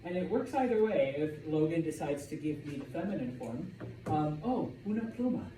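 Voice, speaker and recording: A man teaching a Spanish class, lecturing in a lively way and often checking in with "okay?". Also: on the high side, moderate pace, noisy background. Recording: echoey classroom from far off.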